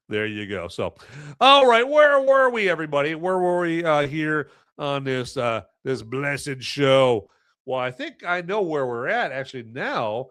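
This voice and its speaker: A man's voice: medium pitch, animated, measured pace, fairly bright tone, dry recording. A man hosting a live podcast, chatting casually in a rambling, self-mocking way with jokey asides. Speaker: podcast host reviewing movies and beer. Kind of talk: casual live-stream chat.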